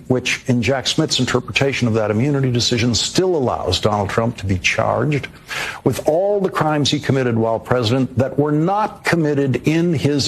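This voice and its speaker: A man's voice: mid-range voice, slightly rough. Grave male TV commentator. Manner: measured, grave, emphatic. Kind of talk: scripted TV monologue.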